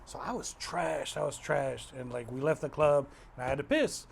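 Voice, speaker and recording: A man from the Rio Grande Valley, talking casually on a podcast. He speaks a bit higher than most men, blunt and full of swearing, with faint noise behind him. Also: lively intonation, moderate pace, vocal fry. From Rio Grande Valley, Texas. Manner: profane, blunt storyteller. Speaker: podcast co-host. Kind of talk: casual chat.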